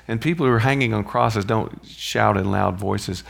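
A man's voice: lowish voice, normal speed, gravelly, hardly any pauses. A man teaching a Bible study in a conversational way, often checking in with his listeners.

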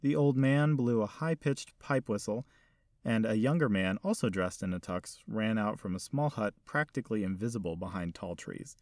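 A man reading a story aloud in a measured, steady storytelling manner. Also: fairly low pitch, no room sound, studio quality. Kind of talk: scripted narration.

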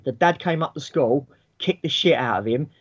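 A man in his forties telling a school story in casual chat, animated and swearing freely, acting out the people he quotes. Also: mid-range voice, moderate pace, breathy edge, muffled recording.

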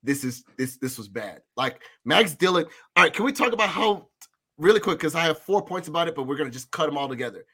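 A man co-hosting a movie review podcast, ranting with loud, profane energy. His voice sits high and swings widely, with a gravelly fry and a bright, forceful edge. He laughs through his complaints as the chat runs on. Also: expressive, fast. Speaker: podcast co-host.

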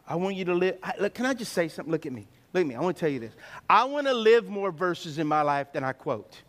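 A man's voice: high-pitched, big pitch swings, quick pace, a bit bright. A middle-aged man preaching a sermon, telling stories with sound effects and acted asides. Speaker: pastor.

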